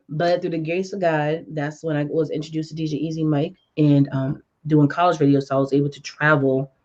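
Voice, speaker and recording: A woman radio host telling her story in a casual interview, animated and acting out what people said. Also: low-pitched, brisk, hardly any pauses. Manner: animated, acts out quoted dialogue. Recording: dull lo-fi audio.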